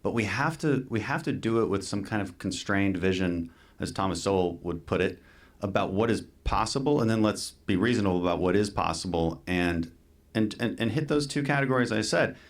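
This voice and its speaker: Low-voiced earnest halting male politician. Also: expressive. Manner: earnest, halting, repeats words while thinking. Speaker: politician guest. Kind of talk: earnest podcast conversation.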